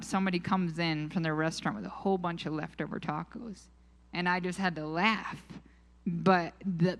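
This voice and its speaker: A woman speaking to a church group, sharing personal faith stories in a conversational way and acting out quoted dialogue. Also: on the low side.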